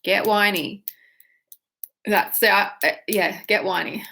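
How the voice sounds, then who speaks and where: A woman's voice: mid-range voice, fairly even intonation, creaky, bright, forceful tone. A woman leading a guided tapping and breathing exercise, giving instructions and speaking emotional phrases for listeners to repeat. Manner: slow, guiding, with yawns and whiny repeated phrases. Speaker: tapping practitioner.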